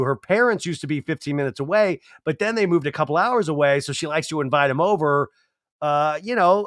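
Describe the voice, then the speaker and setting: A man hosting a podcast, giving an animated, digressive, jokey recap of a reality show. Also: a little high, no room sound, clean studio sound. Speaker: podcast host. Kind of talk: casual comedic TV recap.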